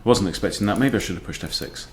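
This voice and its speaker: A man, a chess coach thinking aloud in a relaxed, understated way as he plays a fast game. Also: fairly low pitch, slight background noise. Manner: muttering, understated, self-talking. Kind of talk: thinking aloud while playing blitz chess.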